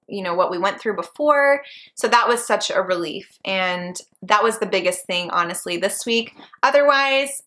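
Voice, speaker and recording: A woman's voice: on the high side, pushed and bright. A woman in her twenties chatting in a casual vlog, bubbly and chatty, and laughing often. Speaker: vlogger.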